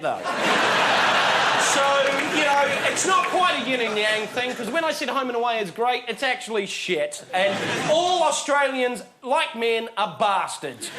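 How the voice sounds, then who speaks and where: A man ranting in a comic debate, excitable and rambling, with mock outrage. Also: extremely high pitch, very noisy. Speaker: comedy panellist. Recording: studio audience laughing throughout.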